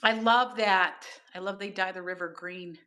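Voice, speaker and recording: A woman's voice: mid-range voice, fairly even intonation, normal speed, pushed and bright. A middle-aged woman, hosting a live-stream auction, gushing over items and greeting viewers by name. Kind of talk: chatty live auction selling.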